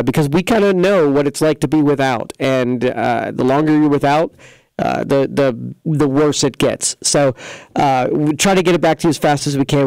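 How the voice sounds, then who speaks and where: A man talks in a relaxed, rambling way, pitching his repair shop and drifting into everyday stories. His voice is smooth and clear at a middle pitch. The studio sound is dry and close. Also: no echo, rough recording. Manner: rambling, filler-heavy, folksy sales talk. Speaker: computer repair shop host. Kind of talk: casual local radio-style talk show.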